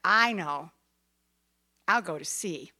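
A woman's voice: on the low side, animated, slow pace, pushed and bright, voice pushed down, exaggerated voice. A woman voicing Jonah, a reluctant, panicky biblical man, whining and sing-song in a children's story. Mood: scheming. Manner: whiny, comic, sing-song.

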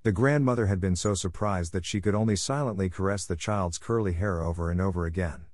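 Low-voiced man reading a storybook. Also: a little fast, a little mellow, no echo, studio quality. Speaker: narrator. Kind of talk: audiobook narration.

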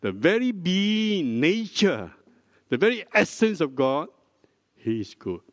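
An older man, a pastor, preaching a sermon in a slow, deliberate teaching manner, prompting the congregation with questions. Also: fairly high pitch, big pitch swings. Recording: dry close mic with long hall reverb.

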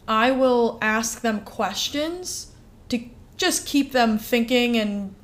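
A woman's voice: on the high side, slow. A woman co-hosting a casual podcast, telling classroom stories with lots of fillers. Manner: animated storytelling with many fillers. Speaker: podcast co-host.

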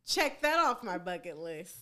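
A woman's voice: lowish voice, very animated, normal speed, sharp tone, a little hiss or hum. A woman chatting casually, blunt, sassy and profane. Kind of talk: casual chat.

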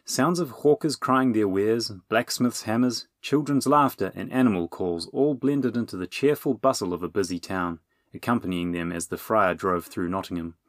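A man narrating a children's adventure audiobook in a steady, even reading voice, on a close mic. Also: on the low side, normal speed, no echo. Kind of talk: scripted storybook narration.

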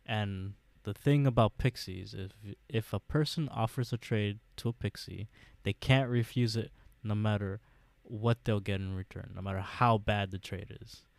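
A man co-hosting a podcast, recapping a TV episode in a casual, halting way with lots of fillers and restarts. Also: on the low side, creaky, no echo. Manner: hesitant, many fillers, laughs often. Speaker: podcast co-host.

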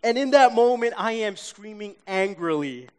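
A man from Queens, telling an animated story to a live audience, acting out his own reactions and checking in with listeners. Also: high voice, moderate pace, clean tone. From Queens, New York. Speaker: speaker.

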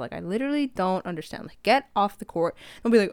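A woman's voice: on the high side, huge pitch swings, a little fast, few pauses, darkish tone, no echo, clean studio sound. A teenage girl, telling stories in a rambling casual podcast chat full of "like". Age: late teens. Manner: rambling, lots of "like", acts out quotes. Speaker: podcast host.

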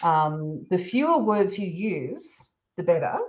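Calm, measured woman. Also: on the low side, lo-fi sound. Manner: calm, measured, explains with examples. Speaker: parenting expert guest. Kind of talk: advice in a podcast conversation.

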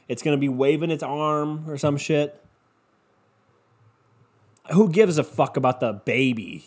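A man's voice: mid-range voice, a little mellow. A young man from the United States ranting casually, sarcastic and profane, mocking his topic.

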